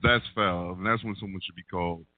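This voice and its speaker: Very deep-voiced man, measured. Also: steady tone, no echo. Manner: measured, explains at length. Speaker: regular panelist. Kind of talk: casual group chat. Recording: tinny phone-like line, dry.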